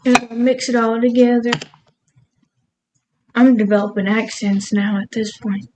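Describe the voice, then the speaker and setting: A woman's voice: fairly high pitch, monotone, a little slow, a little mellow, a little hiss or hum, poor audio. A woman cooking in her home kitchen, rambling casually and laughing at herself as she talks through her recipe. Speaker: cooking vlogger. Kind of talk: casual cooking vlog chat.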